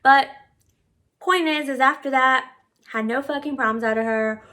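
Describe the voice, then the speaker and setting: A woman's voice: high voice, normal speed, pushed and bright. A woman vlogger telling a personal story in a brash, sassy way, full of swearing. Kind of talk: casual storytime.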